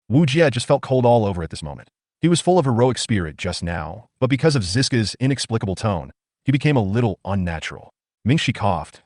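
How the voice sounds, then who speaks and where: A man reads a manga recap at a rapid clip, his low voice rising and falling with lively inflection. His delivery is a brisk, steady storytelling read, and the sound is dry and close, with no room around it. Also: no room sound. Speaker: narrator.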